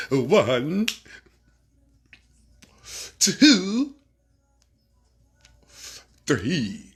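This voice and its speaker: Bright-voiced Barbadian man shouting out viewers. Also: on the high side, expressive, a little slow. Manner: laid-back, profane, laughs often, shouts out viewers. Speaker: livestream host. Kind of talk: casual livestream chat reading viewer comments.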